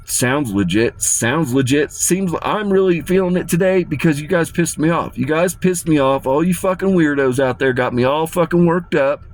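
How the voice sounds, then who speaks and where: A man's voice: fairly high pitch, moderate pace, hardly any pauses. A man delivering a rambling, profane and menacing rant to his viewers, often repeating himself. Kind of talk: ranting monologue to camera.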